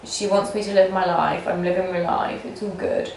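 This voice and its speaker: A young woman films herself in her apartment as it's being packed, chatting casually and rambling with many fillers. She speaks at normal speed in a low, creaky voice with fairly even intonation, over a little hiss or hum and a roomy echo.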